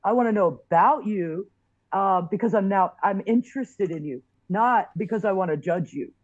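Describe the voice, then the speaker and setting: A woman guest on a podcast, speaking in a measured, reflective way. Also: mid-range voice, no echo, dull audio. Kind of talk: casual chat.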